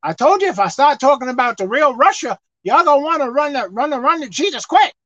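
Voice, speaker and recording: A man preaching a fiery sermon, repeating lines for emphasis, reading scripture slowly, and breaking into shouts. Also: very high voice, expressive, no echo. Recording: dull lo-fi dry recording.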